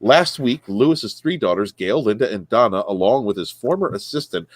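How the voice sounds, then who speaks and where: A man's voice: on the low side, animated, moderate pace, no echo. A man hosting a casual podcast, reading news stories aloud, often stumbling, correcting himself and laughing.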